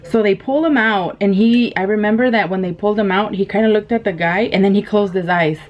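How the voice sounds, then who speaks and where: A woman's voice: mid-range voice, fairly quick. Chatty woman vlogger eating on camera. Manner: chatty, laughs often, many fillers. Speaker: mukbang vlogger. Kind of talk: casual storytelling while eating. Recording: dull lo-fi camera audio with faint noise.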